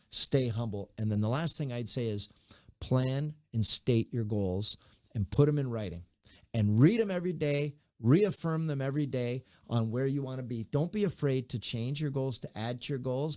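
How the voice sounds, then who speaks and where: Middle-aged male guest, mid-pitch, animated raconteur, dry studio sound. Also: no echo. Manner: animated storyteller, acts out quoted voices. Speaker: mayor, interview guest. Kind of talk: conversational interview advice and storytelling.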